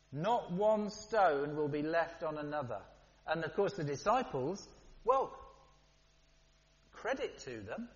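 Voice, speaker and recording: A man preaching a sermon in a lively, conversational way, with playful asides. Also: fairly high pitch. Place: church hall. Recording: dull, long-reverb church hall.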